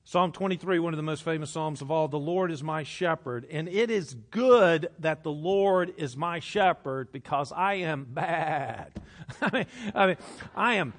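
A middle-aged man preaching a sermon, swinging from hushed, intimate passages to loud, animated outbursts. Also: on the high side, measured pace. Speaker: pastor.

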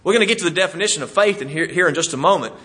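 A man's voice: fairly high pitch, lively intonation, very fast, sharp tone. A man preaching a sermon in a folksy, conversational way, chuckling as he teaches.

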